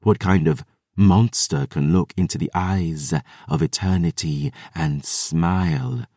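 A man voicing a solemn woman in an audiobook, speaking softly and with measured, hushed gravity. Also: very deep voice, no echo, clean studio sound, heavily acted. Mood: awed. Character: ancient-minded solemn woman, hushed and awed.

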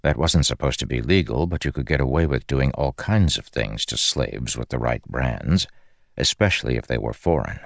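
A man narrating an audiobook in a measured, grave storytelling manner. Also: a bass voice, animated, creaky, no room sound, clean studio sound.

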